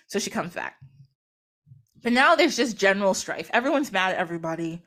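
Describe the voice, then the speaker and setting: A woman casually retelling a myth, animated and laughing often as she acts out the quotes. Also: fairly high pitch, a little fast. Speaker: podcast guest or host.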